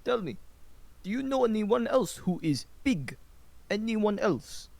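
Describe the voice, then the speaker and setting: A man playing a tabletop game, animated and playful. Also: sits high, measured pace, vocal fry, dry recording. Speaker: player.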